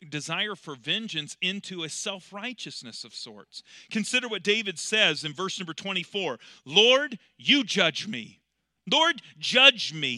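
A man preaching a sermon in a very bright, slightly high voice. He moves from loud, emphatic lines to quiet, slow storytelling and stretches the words he wants to stress. The sound is close and dry, with no room echo. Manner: swings between loud, emphatic passages and quiet, drawn-out ones. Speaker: pastor.

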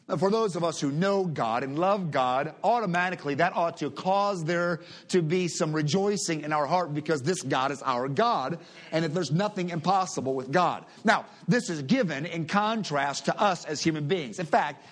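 A middle-aged man preaching a sermon, reading scripture aloud and leading his congregation in prayer. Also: on the high side. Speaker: pastor.

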